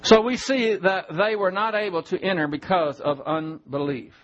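Male pastor, high voice, verse-by-verse sermon in church, muffled low-fi recording. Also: steady tone. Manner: teaching Bible verses, spelling out Greek words slowly.

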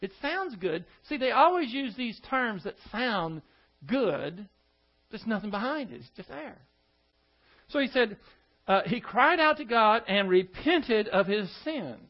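A man with a high voice preaches a sermon. He keeps asking his listeners pointed rhetorical questions and throws in scornful asides. The recording sounds dull and lo-fi. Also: big pitch swings, unhurried.

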